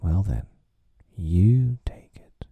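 A man voicing a pompous, self-pitying father in a whispered role-play with a gravelly voice. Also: sits low, lively intonation, extremely slow, mellow, dry recording, heavily acted.

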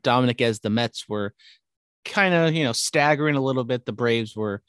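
A man's voice: medium pitch, normal speed, fairly bright tone, clean tone, dry recording, studio quality. A man co-hosting a casual sports podcast, talking baseball standings with wry, upbeat banter. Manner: upbeat, wry, jumps between stats and jokes. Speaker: podcast co-host.

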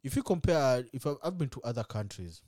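A man's voice: medium pitch, very animated, fairly quick, darkish tone, dry recording. A man with an African accent tells stories in an easygoing way and often ends his phrases with "bro". His voice sits mid-range. The sound is dry and close-miked. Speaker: co-host. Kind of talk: casual chat.

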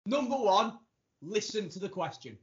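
A man's voice: high-pitched, sing-song, moderate pace. A man hosting a casual podcast chat, teasing his guests and laughing often. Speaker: podcast host. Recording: dull lo-fi sound.

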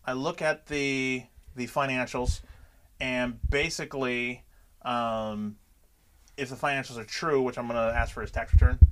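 A man's voice: medium pitch, a little slow. A man telling stories in casual chat, swearing freely and acting out quotes. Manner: profane, animated storyteller acting out quotes. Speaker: podcast co-host.

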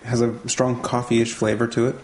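A man's voice: mid-range voice, level tone, normal speed, darkish tone. A man co-hosting a casual beer tasting show, chatting easily and thinking aloud with small restarts. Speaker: co-host.

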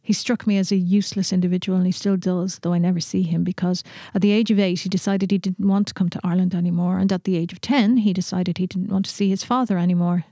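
A woman reading a literary short story aloud in a steady, measured way in a studio. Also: fairly low pitch, no echo.

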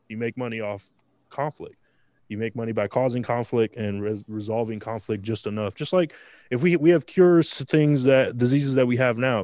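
A man's voice: mid-range voice, a little mellow, dry recording, studio quality. A man co-hosting a podcast, arguing his point in earnest, casual debate. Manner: argumentative, earnest, talks over others. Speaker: podcast co-host.

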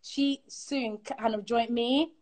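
A young woman telling a personal story as a guest, animated and quick, acting out the voices of others. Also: a little high. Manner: animated, quick, acts out quotes.

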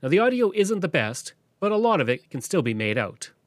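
A man hosting a podcast, narrating history from a script in a lively storytelling way. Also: fairly high pitch, fairly quick, dry recording, clean studio sound. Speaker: podcast host.

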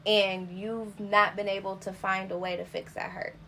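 A woman's voice: medium pitch, little pitch movement, normal speed, creaky, sharp tone, a little hiss or hum. A young adult woman in casual podcast chat, speaking earnestly and reflectively in long explaining sentences.

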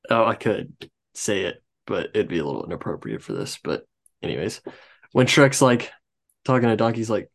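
A man co-hosting a podcast, casually reviewing a movie and rambling through trivia asides. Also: lowish voice. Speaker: podcast co-host.

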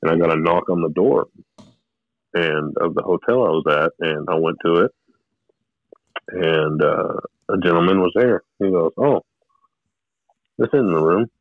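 Deep-voiced man on a tinny line. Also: no room sound. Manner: rambling, halting, earnest storytelling. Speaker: guest telling his story. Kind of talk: personal testimony in conversation. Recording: narrow phone-like line, dry.

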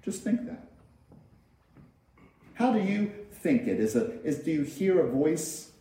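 Minister preaching in an echoey hall. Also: male voice, a little high, sing-song, moderate pace, dark tone. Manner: conversational, repeats phrases and acts out everyday quotes. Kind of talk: sermon. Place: large church hall.

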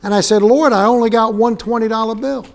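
Male guest preacher, high-pitched, storytelling sermon full of jokes and acted-out quotes. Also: fairly even intonation, brisk, creaky. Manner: humorous, acts out quoted dialogue.

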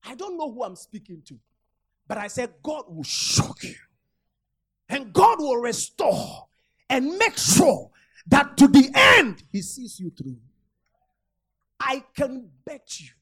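Husky woman preaching with sudden shouts. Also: high voice, very animated, slow, long pauses. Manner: repetitive, urgent exhortation with sudden shouts. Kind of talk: sermon.

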